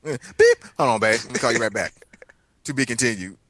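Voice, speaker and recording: A man's voice: mid-range voice, animated, a little fast, a bit bright, slight background noise. A man on a podcast joining the banter with playful jokes. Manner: joking, playful. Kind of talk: casual chat.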